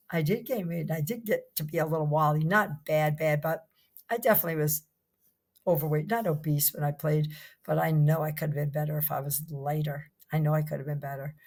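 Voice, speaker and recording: A woman's voice: low-pitched, fairly quick, a little mellow. An older woman from New Jersey, a podcast guest chatting casually, enthusiastic and rambling, full of restarts. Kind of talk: casual chat.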